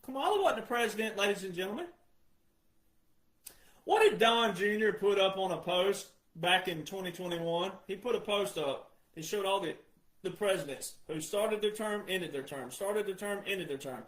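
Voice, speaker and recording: A man giving an emphatic monologue, repeating his points insistently and addressing the audience as ladies and gentlemen. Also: high voice, animated, moderate pace, reverberant, poor audio. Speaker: commentator.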